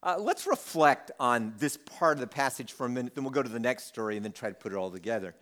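Talking fast with lively intonation, a preacher with a mid-range, fairly bright voice works through a Bible passage in a conversational way. After reading the text, he acts out the disciples' quotes for comic effect.

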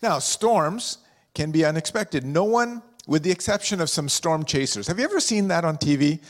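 Man, middle-aged pastor, slightly high voice, chatty, playful storytelling sermon, long hall reverb. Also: animated, moderate pace. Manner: jokey, chatty, asks the room questions. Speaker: pastor and district superintendent. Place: church hall with a live congregation.

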